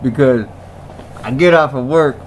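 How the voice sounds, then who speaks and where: A man's voice: mid-range voice, a little slow, a little hiss or hum. A man in a casual ranting monologue who repeats himself, laughs often and talks in slang. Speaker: vlogger.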